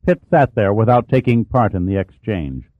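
This audiobook narrator is a man with a low, thin, dry voice who reads his script steadily and with measured care. The recording has no room sound and a narrow, phone-like quality.

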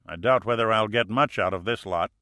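A man's voice: lowish voice, brisk, bright, forceful tone, dry recording. A man voicing a weary, cautious male small-town sheriff. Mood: hesitant. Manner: helpless, hesitant.

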